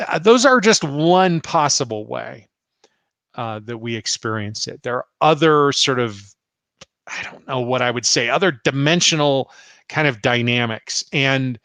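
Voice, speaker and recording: A man from the United States hosting a live spiritual Q&A, his voice at a middle pitch and caught close and dry. He laughs easily as he tells stories and answers viewers. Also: a little slow, no echo. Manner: laughs often, animated retelling. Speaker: spiritual teacher and healer. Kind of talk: live-stream Q&A, storytelling.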